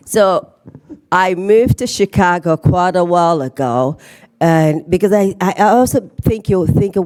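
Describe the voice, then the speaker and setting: A middle-aged Nigerian woman delivers a playful keynote in a conference hall, teasing the audience. Her accent is Nigerian with a touch of British, and her lowish, darkish voice is animated but measured in pace.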